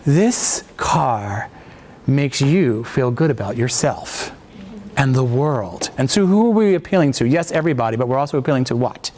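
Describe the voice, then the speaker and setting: A man teaching a voice-over class, coaching students with halting, encouraging talk and many restarts. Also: mid-range voice, lively intonation, darkish tone, slight background noise. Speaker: voice-over workshop instructor.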